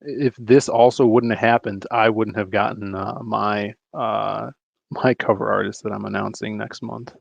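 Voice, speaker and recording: A male host chats casually and agreeably with a guest, often backing him up with short replies. His voice is low and gravelly, and the sound is dry and dull, like a lo-fi recording. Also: fairly even intonation, measured pace, no echo. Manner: agreeable, frequent short affirmations. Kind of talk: casual interview chat.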